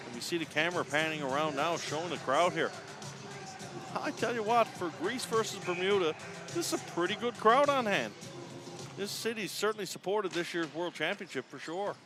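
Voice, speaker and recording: A man's voice: on the high side, fairly quick, music in the background. A man from Newfoundland with a Newfoundland accent, calling live play-by-play from the top of an indoor arena in a chatty, folksy way. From Newfoundland, Canada. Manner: chatty and folksy, chuckles between calls. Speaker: play-by-play commentator. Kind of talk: live sports play-by-play commentary.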